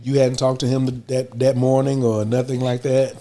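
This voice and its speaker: A man hosting an interview, asking questions in a halting way with restarts. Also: medium pitch, flat delivery, mellow. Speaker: host.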